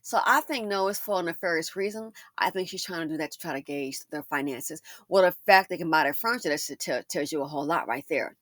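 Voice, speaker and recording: A woman's voice: sits low, quick pace, few pauses, a bit bright, no room sound, clean studio sound. A woman doing casual storytime commentary, emphatic and full of rhetorical questions, often repeating herself.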